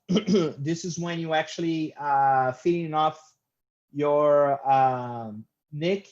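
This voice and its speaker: A man teaching IT in a screen-recorded software tutorial, talking loosely with many hesitant fillers. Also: a little high, highs cut off. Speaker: IT instructor.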